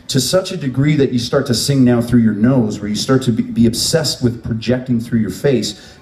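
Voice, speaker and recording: A man's voice: mid-range voice, darkish tone, distant mic. Male vocal coach in an echoey room. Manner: explanatory, demonstrating sounds while teaching. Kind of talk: vocal workshop teaching. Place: workshop room at a music event.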